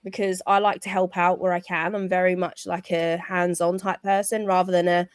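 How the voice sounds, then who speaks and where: A British woman, a wrestling backstage interviewer, chatting casually as a podcast guest, quick and full of "like". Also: on the low side, level tone, smooth, no echo. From England. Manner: chatty, quick, says "like" a lot. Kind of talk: casual chat.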